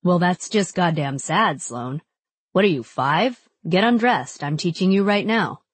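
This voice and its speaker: A woman reading an audiobook and voicing a playful, teasing young man in her own lowered tone. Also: animated, a little slow, slightly rough, no echo. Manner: teasing, easygoing. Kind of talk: audiobook character voice.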